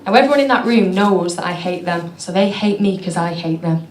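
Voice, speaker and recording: A woman doing stand-up, telling stories in a deadpan, self-mocking way. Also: on the low side, brisk. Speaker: stand-up comedian. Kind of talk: stand-up comedy. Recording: echoey venue with clear background noise.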